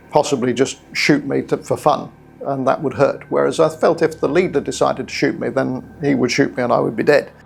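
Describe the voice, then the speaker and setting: Gravelly British man recounting an ordeal. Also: medium pitch. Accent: British English. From England. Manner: measured, reflective, with hesitant restarts. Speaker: guest storyteller. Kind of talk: personal story told to camera.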